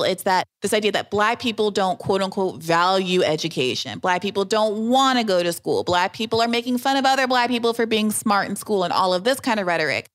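A woman's voice: medium pitch, fairly bright tone. A woman with a mid-range voice speaks as a podcast guest. She often hedges at the start of a thought, then presses her argument with growing conviction. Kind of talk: conversational interview.

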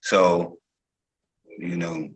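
A man's voice: sits low, level tone, drawn-out words, breathy edge, poor audio. A man from Newark, a guest actor, telling stories in a casual interview, loose and rambling with many fillers and restarts. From Newark, New Jersey.

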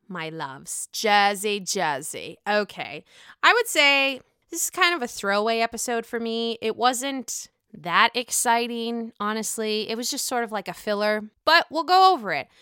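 A chatty woman recaps reality TV episodes for her viewers, candid and gossipy, with plenty of swearing. Her voice sits a little high and comes across smooth and resonant. The sound is dry and close, with no room around it. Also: bright, forceful tone, no echo. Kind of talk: casual chat.

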